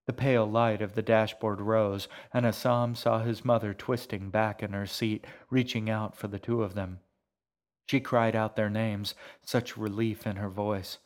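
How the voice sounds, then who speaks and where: A man reads a tense story aloud, his voice sitting on the low side. He takes his time with each phrase, hushed and measured, letting the sentences unfold slowly. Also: little pitch movement. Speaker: audiobook narrator. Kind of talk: scripted narration.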